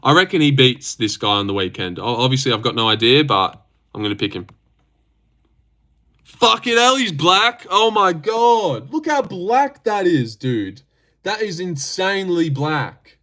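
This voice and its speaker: A young man hosting a casual livestream, reacting to fights in a loose, sweary, excitable way into a desk mic. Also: medium pitch. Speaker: livestream host.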